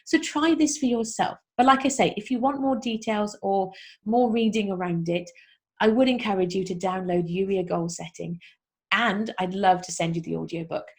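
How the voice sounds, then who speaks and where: Female podcast host, mid-pitched voice with some vocal fry, upbeat and chatty, encouraging self-help tone. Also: moderate pace. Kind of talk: casual motivational talk to listeners.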